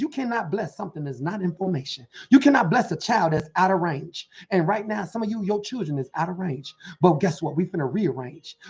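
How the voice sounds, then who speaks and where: Gravelly guy preaching motivation, rhymey rhythm, keeps checking in with folks, muffled lo-fi audio w faint music. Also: sits high, a little mellow. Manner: rhythmic, rhyming phrases with frequent calls to listeners. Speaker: motivational preacher and life coach. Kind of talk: motivational preaching to an online audience.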